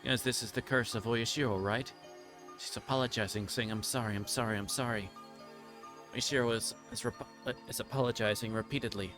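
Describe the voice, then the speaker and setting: A man's voice: mid-range voice, fairly even intonation, fairly quick, over music, lightly acted. A man streamer reading aloud as a delirious, guilt-ridden young girl, repeating himself in anguish and stumbling over a few words. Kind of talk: dramatic reading of game text.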